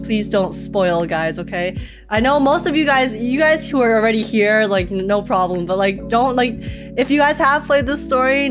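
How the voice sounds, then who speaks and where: A bubbly woman streamer with a slightly high voice greets her chat live, excitable and laughing often. Music plays clearly behind her. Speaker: game streamer. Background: background music.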